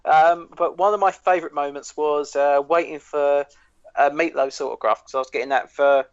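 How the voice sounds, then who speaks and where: A podcast co-host with a slightly high, clear and resonant voice tells rambling anecdotes at a moderate pace, laughing and swearing through the casual chat and storytelling. The recording has no echo but sounds dry, dull and lo-fi.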